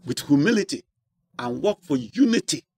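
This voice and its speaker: A man preaching a sermon, asking the congregation rhetorical questions and drawing out key words slowly. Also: fairly high pitch, sing-song, gravelly, dark tone, husky. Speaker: pastor.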